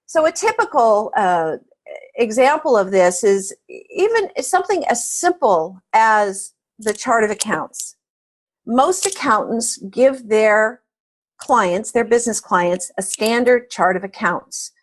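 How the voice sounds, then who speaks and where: A woman's voice: fairly high pitch, lively intonation, slow, a little hiss or hum. A middle-aged woman, a guest on an interview podcast, explaining her views emphatically and telling stories. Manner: emphatic, storytelling. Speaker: podcast guest, accounting advisor. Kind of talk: interview answer.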